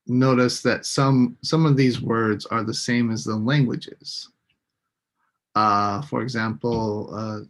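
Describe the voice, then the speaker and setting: A man teaching an English lesson on a live stream, slowly repeating each word for his students. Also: mid-range voice. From United States. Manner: slow, deliberate, repeats words for students.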